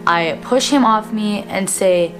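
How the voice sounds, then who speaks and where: A woman's voice: medium pitch, slow, a bit bright, faint music behind. A young woman in her twenties talking to camera in a personal vlog, earnest and plain-spoken with frequent fillers. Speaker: vlogger.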